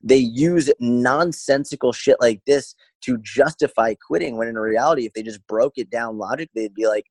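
A man's voice: mid-range voice, normal speed, few pauses, a little mellow, breathy edge, no echo. A man who works as a fitness coach, talking on a podcast in a blunt, profane way and firing off rhetorical questions. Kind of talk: podcast conversation.

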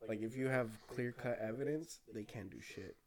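A man talks casually with friends, rambling and swearing freely. His voice has a gravelly edge at a middle pitch. Crowd noise hums behind him. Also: normal speed. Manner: profane, rambling, laughing often. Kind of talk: casual chat.

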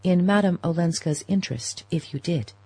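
A woman reading the part of a proper older society mother who is gentle, fretful and quietly insistent, in an audiobook. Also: on the low side, normal speed, breathy edge, no room sound, low-quality recording. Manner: mild, coaxing, quietly insistent.

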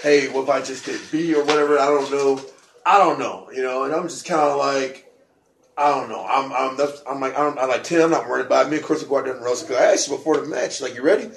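A man's voice: medium pitch, fast talker. Guy telling a wild story, keeps repeating himself, echoey room, bit of hiss. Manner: excited, rambling, repeats words. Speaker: podcast co-host. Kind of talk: casual storytelling chat. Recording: echoey room with faint noise.

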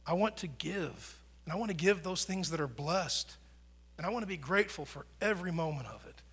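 Bright-voiced pastor preaching. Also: male voice, high-pitched, brisk, slightly rough. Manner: conversational preaching, rises and drops in volume for emphasis. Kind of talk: sermon. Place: church.

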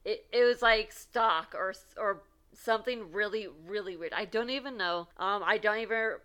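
A young woman co-hosting a podcast, telling a dating story in an animated way, laughing and acting out quotes. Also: medium pitch, normal speed. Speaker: podcast co-host. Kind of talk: casual storytelling chat.

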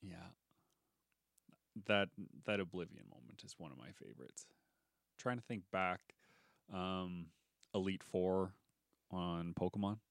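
Young male podcast co-host, low gravelly voice, loose joking delivery. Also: a little slow, long pauses, dry recording, studio quality. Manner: joking, laughing, rambling. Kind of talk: casual chat.

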